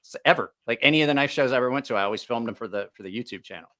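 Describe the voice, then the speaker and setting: A man with a bright, forceful voice hosts a relaxed podcast chat. He tells animated stories and jumps up in pitch whenever he quotes someone. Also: very fast. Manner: animated storyteller, jumps pitch when quoting people. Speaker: podcast host.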